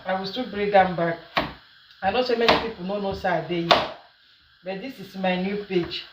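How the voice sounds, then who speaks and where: A woman's voice: mid-range voice, moderate pace. A woman with a Nigerian accent chatting and teasing while she cooks at home, laughing often. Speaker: social media commentator. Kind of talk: casual commentary while cooking. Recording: roomy, distant from mic, faint noise.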